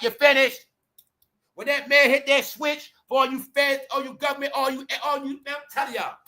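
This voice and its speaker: A man hosting his own channel, delivering a confrontational, profane commentary rant straight at his viewers, mocking and repeating himself, pushing his voice toward a shout at times. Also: very high-pitched. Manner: raises voice to near shouting at times. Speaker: channel host.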